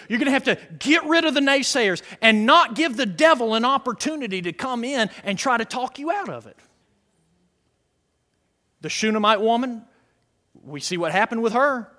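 A man preaching a sermon, swinging between loud shouted lines and hushed quiet ones. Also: very high voice, lively intonation, moderate pace. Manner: dramatic swings from shouting to near-whisper. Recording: long reverb of a hall.

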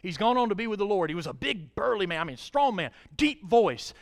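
A middle-aged male pastor preaching a sermon, reading scripture aloud and swelling loud on key words. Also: high-pitched, big pitch swings, brisk.

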